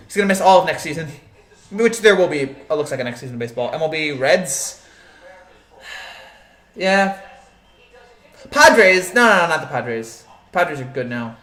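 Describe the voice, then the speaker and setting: A man's voice: fairly high pitch, lively intonation, moderate pace, pauses often, sharp tone, roomy sound. A man hosting a casual live sports show, rambling and joking as he answers the chat, with many restarts and fillers.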